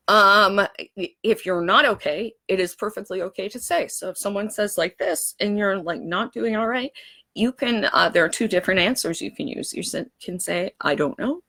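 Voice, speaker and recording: Low-voiced woman explaining event rules. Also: creaky. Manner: relaxed, chatty explaining with many fillers and restarts. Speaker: event organizer running a workshop. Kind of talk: casual instructional talk on a live stream.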